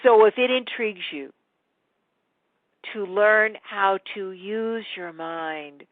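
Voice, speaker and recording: A woman teaching in a webinar, an animated storyteller who acts out the quotes. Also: low-pitched, no room sound, phone-quality sound. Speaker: spiritual teacher.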